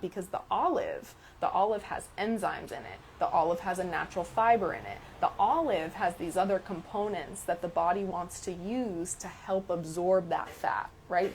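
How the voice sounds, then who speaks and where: Over slight background noise, a woman with a lowish voice hosts a live stream Q&A as a detox health coach responding to viewer questions. Emphatic, she repeats key words and keeps asking "okay?".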